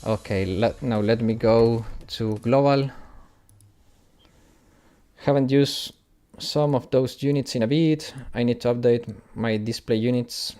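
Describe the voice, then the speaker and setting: A man's voice: mid-range voice, measured pace, warm tone. A man from Italy, whose first language is Italian, speaks with an Italian accent and chats casually with viewers while streaming a game, often laughing. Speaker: gaming streamer. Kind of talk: casual live-stream chat.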